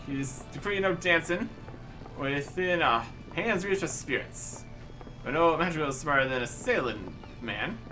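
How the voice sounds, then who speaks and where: A man voicing a rowdy, boozy middle-aged sailor who rambles cheekily in rough old-salt dialect. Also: a little high, bright, forceful tone, rough recording.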